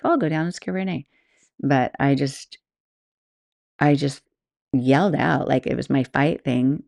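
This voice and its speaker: A woman's voice: rumbling low, vocal fry, darkish tone, dry recording. A woman host and yoga teacher telling stories in a chatty, rambling way, laughing often. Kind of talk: casual storytelling monologue.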